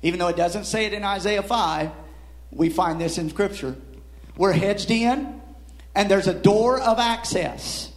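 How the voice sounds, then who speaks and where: A man's voice: sits high, a little slow. A man preaching a sermon, repeating words and punctuating his points with "Amen". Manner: rising and dropping emphasis, repeats words, frequent "Amen".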